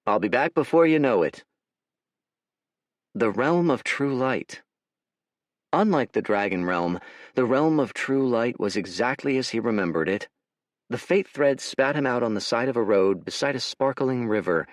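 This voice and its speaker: A man narrating an audiobook in a wry, animated storytelling manner, recorded close to the mic. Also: mid-range voice, moderate pace, dry recording. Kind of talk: scripted narration.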